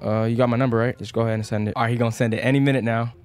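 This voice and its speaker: A man hosting a gaming video, commentating and role-playing casually, excitable and heavy on slang, often laughing. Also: medium pitch, very fast.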